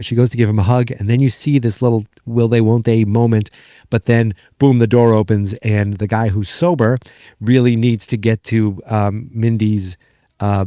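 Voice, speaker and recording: Low, mellow New England man recapping. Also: no echo, clean studio sound. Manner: rambling, excitable, lots of fillers and restarts. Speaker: podcast host. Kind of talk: casual episode recap.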